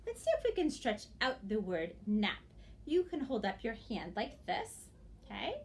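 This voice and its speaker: A woman teacher giving a phonics lesson to young children, sounding out words slowly and praising often. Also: a little high, huge pitch swings, a little hiss or hum. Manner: slow, exaggerated sounding-out of words; encouraging praise.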